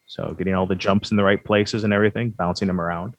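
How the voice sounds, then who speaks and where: A man's voice: low-pitched, fairly even intonation, fast talker, no room sound. A man hosting a podcast, chatting casually in a rambling, self-deprecating, joking way. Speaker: podcast host.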